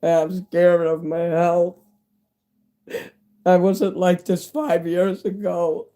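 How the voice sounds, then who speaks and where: A man in his fifties with a hoarse, fading voice and a stuffy nose, rambling candidly to his viewers in a casual live-stream chat. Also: high voice, little pitch movement, slow, warm tone. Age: 50s.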